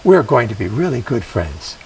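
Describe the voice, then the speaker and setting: A man voicing a kind, trusting young woman who speaks softly and gently. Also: mid-range voice, big pitch swings, normal speed, recorded from a distance, slight background noise, pitched below the performer's own voice, rough recording. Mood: gentle.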